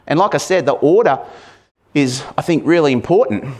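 A man preaching a sermon in a conversational way, asking his listeners questions and now and then acting out loud shouts. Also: fairly high pitch, lively intonation, moderate pace. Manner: conversational, asks the congregation questions; acts out shouted lines with sudden loud bursts.

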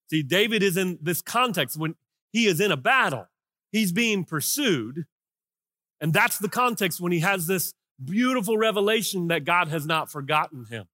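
A man preaching a sermon as pastor, swinging between impassioned shouted lines and hushed, quiet ones. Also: a little high, lively intonation, moderate pace, dry recording, studio quality.

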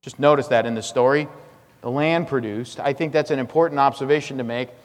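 Emphatic preacher in an echoing church. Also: male voice, mid-range voice, brisk. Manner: emphatic, repetitive preaching with swings from loud to hushed. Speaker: pastor. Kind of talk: expository sermon. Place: church sanctuary. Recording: long reverb of a church hall.

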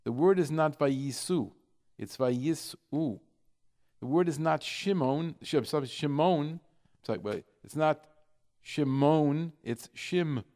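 A man from New York hosting a radio talk show, explaining in a halting way full of fillers and drawing out example words slowly. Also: a little high, animated, darkish tone.

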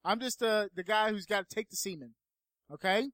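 A man's voice: high-pitched, a little fast, a bit bright, no room sound. A man in casual comedy banter, earnest and profane as he sets up a skit.

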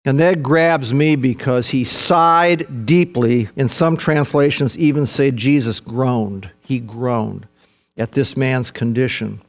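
A man's voice: medium pitch, takes it slowly. An older man preaching a sermon, earnest and emphatic, repeating key phrases and calling his listeners folks. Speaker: pastor.

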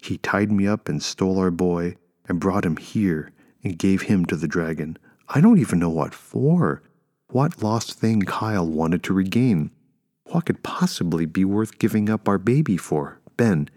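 A man voicing a desperate young mother who pleads and snaps with impatience, his voice rising high and strained. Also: expressive, unhurried, darkish tone, big-room sound. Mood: pleading. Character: desperate young mother, woman betraying former lover.

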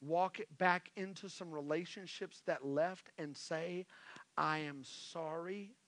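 A male pastor preaching a sermon, repeating his calls and swinging from hushed pleas to loud exhortations. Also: on the high side, slow pace. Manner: impassioned, repetitive exhortations, swings from hushed to shouting. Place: church sanctuary. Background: soft worship music.

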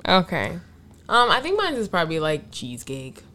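A woman co-hosting a casual chat, talking loosely with drawn-out fillers and the odd swear word. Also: on the low side, huge pitch swings, sharp tone. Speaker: podcast co-host.

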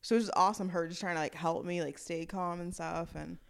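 A woman guest on a podcast, giving brief, soft-spoken answers with lots of fillers. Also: fairly low pitch, fairly even intonation, brisk, vocal fry. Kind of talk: casual interview chat.

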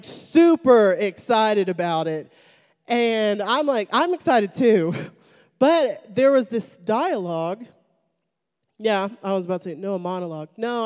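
A woman's voice: medium pitch, darkish tone. A young woman sharing a personal faith testimony, telling it as a chatty story full of fillers. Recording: long hall reverb.

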